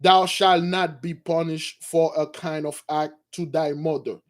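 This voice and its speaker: A man voicing a stern but not cruel ancient prince who speaks in an archaic, measured way. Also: on the high side, fairly even intonation, pitched below the performer's own voice, close to an everyday voice.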